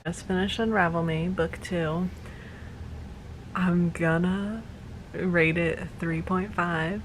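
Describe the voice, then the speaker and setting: A woman's voice: on the low side, slow, slight background noise, rough recording. Exasperated young woman reacting to a book. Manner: animated, exasperated, dramatic. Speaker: book vlogger. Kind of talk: casual reaction commentary.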